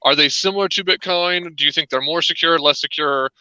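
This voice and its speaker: A man's voice: on the high side, brisk, pushed and bright, clear, resonant tone, dry recording, dull audio. A man co-hosting a live-streamed discussion, talking casually with lots of "um" fillers and putting questions to his co-host over a video call. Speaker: livestream co-host.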